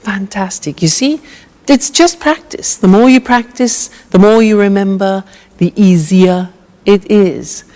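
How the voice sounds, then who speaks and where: A woman teaching English grammar with a slow, clear drill, patient and encouraging. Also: mid-range voice, a little mellow, long reverb tail.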